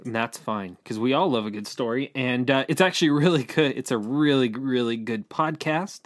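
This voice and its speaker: A man's voice: mid-range voice, normal speed. A man co-hosting a news podcast in casual chat, rambling with lots of fillers and restarts. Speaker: podcast co-host.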